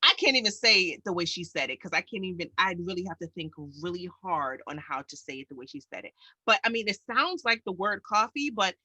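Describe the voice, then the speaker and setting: A New York woman chatting on her podcast, animated and full of acted-out reactions. Her pitch leaps around freely and her voice sounds bright and forward. The sound is dry, with no room behind it. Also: brisk, husky, no echo. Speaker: podcast co-host. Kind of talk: casual podcast chat.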